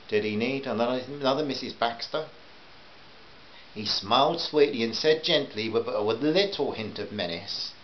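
A man's voice: mid-range voice, moderate pace. A man reading a humorous short story aloud in a dry, wry manner. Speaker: narrator. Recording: dull lo-fi home recording with hiss.

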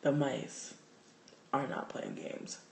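A man telling a wild story to his livestream in a casual, profane, animated way, recorded on a phone at home. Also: mid-range voice, takes it slowly, gravelly, slight background noise. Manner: animated, profane, gets loud and excited in the telling. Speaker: livestream host. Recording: roomy echo.

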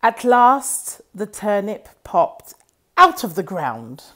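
A woman reading a children's story aloud in an animated storytelling voice. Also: mid-range voice. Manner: slow, lively, animated reading.

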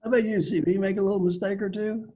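An older man from Kentucky giving a folksy, playful talk as guest speaker on a video call, with a raspy voice. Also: high-pitched, steady tone, fast talker, highs cut off. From Kentucky, United States. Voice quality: gravelly, raspy. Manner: playful, teasing, repeats phrases for effect. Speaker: guest speaker, executive coach.

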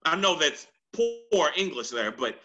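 A pastor from the United States preaches on Sunday in a church sanctuary with a handheld microphone, his slightly high voice very animated, bright and forceful. Repeating lines for emphasis, he stretches scripture quotes into drawn-out swoops. The audio is dull, with faint music behind.

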